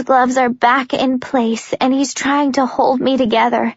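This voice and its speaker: A woman's voice: high-pitched, flat delivery, measured pace, hardly any pauses, breathy edge, no echo, lo-fi sound. A woman giving an intense, dramatic first-person audiobook narration.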